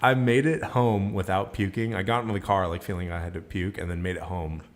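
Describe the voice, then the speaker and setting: A man's voice: low-pitched, steady tone, brisk, crowd noise. A man in his twenties hosting a casual podcast chat, telling stories in a joking, laid-back way and swearing freely. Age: 20s. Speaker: podcast host.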